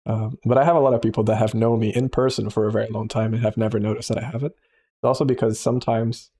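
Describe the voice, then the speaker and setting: A man's voice: fairly low pitch, flat delivery, fast, warm tone. A man hosting a live drawing stream, chatting casually and telling a rambling story full of fillers and restarts. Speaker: livestream host. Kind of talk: casual chat while drawing.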